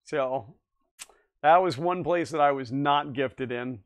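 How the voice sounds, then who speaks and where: A man's voice: fairly high pitch, takes it slowly. A man hosting a livestream, chatting casually and reading viewer comments aloud, easygoing and often laughing. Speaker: livestream host.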